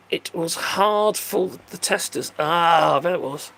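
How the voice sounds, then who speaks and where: A man's voice: a little high, takes it slowly, gravelly, hardly any pauses, fairly bright tone. An older man casually chatting on a livestream, rambling and joking as he answers viewer comments. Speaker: livestream host reading chat. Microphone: phone.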